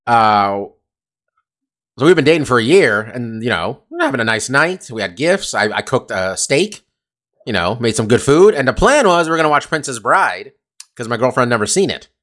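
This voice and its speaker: A man's voice: mid-range voice, sing-song, moderate pace, fairly bright tone. A man co-hosting a podcast, chatting casually in a rambling, profane way with lots of fillers. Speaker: podcast co-host. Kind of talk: casual chat. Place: California.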